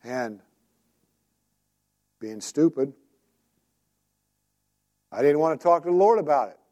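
A male preacher with a slightly high but mellow voice, delivering a sermon like a friendly conversation. He tells stories and keeps turning to his listeners with questions. His delivery feels easy and unforced. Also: animated, takes it slowly, lo-fi sound.

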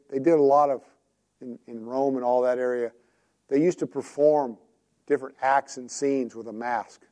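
A man's voice: mid-range voice, warm tone. A man preaching a sermon in a conversational, storytelling way, often asking his listeners direct questions.

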